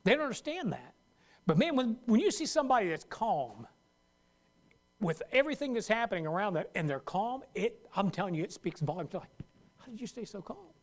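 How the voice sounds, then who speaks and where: A man's voice: sits high, very animated, brisk. A man preaching a sermon as pastor, talking conversationally and acting out worried voices. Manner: conversational, acts out worried voices, laughs at own jokes.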